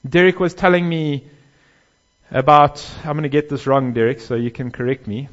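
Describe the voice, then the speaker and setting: Male pastor preaching, slightly high voice, emphatic swells and hushed drops, dull lo-fi recording. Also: normal speed. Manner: emphatic, swelling louder on key phrases and dropping low and soft on others. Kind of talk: sermon.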